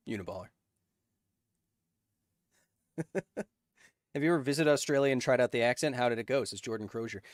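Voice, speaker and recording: A man hosting a science livestream, chatting casually and reading out viewer donations in an upbeat, joking way with bursts of excitement. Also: medium pitch, fast, dry recording, clean studio sound. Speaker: science YouTuber host.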